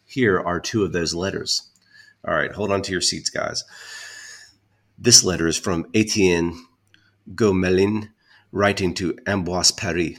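A man's voice: low-pitched, steady tone, a little slow, long pauses, a bit bright. A man hosting a casual podcast who reads out history, chuckling often and joking at his own expense. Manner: chuckles often, self-deprecating. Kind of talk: casual chat with read-aloud history.

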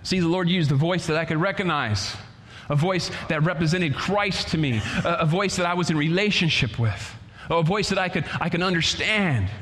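Male pastor, fairly high voice, fervent sermon delivery in a reverberant church hall. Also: normal speed, hardly any pauses, fairly bright tone. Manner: preaching with swells of volume and stretched phrases.

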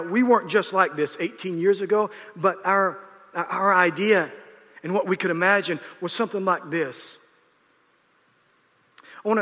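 A man in his fifties, a pastor preaching a storytelling sermon in an animated way, often acting out the people he quotes. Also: high voice. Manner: animated, acts out quotes, restarts. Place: large church auditorium. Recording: reverberant hall.

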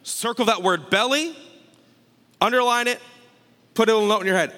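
A man delivers a sermon with a notably high, bright voice. He drives his points home by repeating phrases and building intensity, and the sound carries the long reverb of a large church hall. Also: moderate pace, pauses often. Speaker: pastor.

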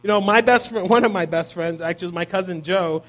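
A man's voice: high-pitched, fast talker, a bit bright. A man in his thirties giving a conversational sermon, often checking in with listeners by asking "right?". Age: 30s. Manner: casual, peppers points with "right?". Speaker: preacher.

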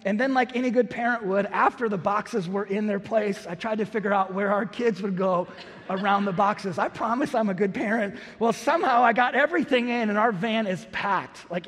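Man, 30s, pastor, sermon, high voice, animated storytelling, loud to hushed, long hall reverb. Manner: animated, acts out quotes, swings from loud to hushed. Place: church auditorium.

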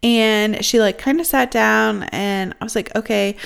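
A woman's voice: fairly high pitch, a little slow, creaky, clean tone. A young woman vlogger telling a casual story in a chatty way, filling her talk with "like". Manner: chatty, heavy use of "like" as filler.

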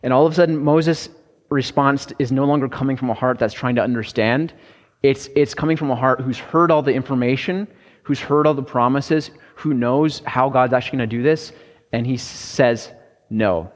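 A man giving a sermon in a relaxed, conversational way, stumbling into restarts now and then. His voice sits at an ordinary pitch and rings out with a long reverb. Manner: conversational, halting with restarts and fillers. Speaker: pastor.

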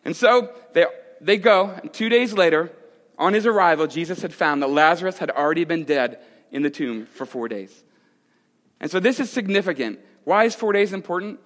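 Male pastor, high voice, conversational sermon with dramatic loud-soft swings, echoey church hall. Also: expressive, normal speed.

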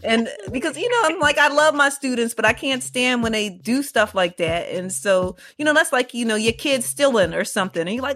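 A woman podcast co-host telling stories in casual chat, animated and laughing often. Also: a little high, moderate pace, few pauses, slight background noise. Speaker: teacher.

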